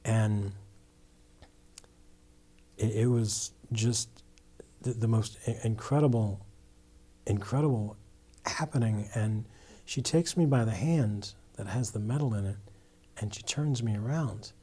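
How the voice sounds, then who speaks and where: A man's voice: fairly low pitch, a little slow, long pauses, warm tone, husky. A man, a guest in an interview, earnestly telling his conversion story with many restarts and "you know"s.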